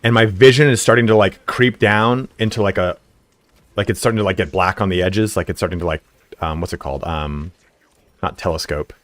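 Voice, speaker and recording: A man's voice: sits low, fairly even intonation, brisk, dry recording. A man streaming a game live, telling a rambling story full of fillers, swearing and laughs. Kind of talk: casual storytelling while gaming live.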